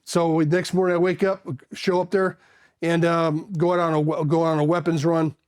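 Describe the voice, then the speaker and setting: A man in his fifties from California with a notably high voice for a man, recounting his years as a Marine. He rambles and circles back, blunt and casual, and drops a curse word without a second thought. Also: little pitch movement, brisk, smooth. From California, USA. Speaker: Marine veteran. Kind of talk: candid storytelling.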